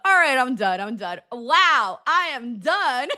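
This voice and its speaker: A high, bright woman's voice hosting a relaxed live stream chat. She giggles often, jokes around and reads viewer comments aloud in a casual, playful way. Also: slow, no echo, clean studio sound. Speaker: host.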